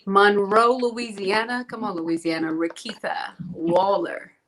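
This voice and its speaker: A woman's voice: medium pitch, fairly even intonation, fairly bright tone, slight background noise, rough recording. A woman co-hosting a live show, reading out viewers' names and greetings in a chatty way. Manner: slow, chatty, laughing often. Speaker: co-host.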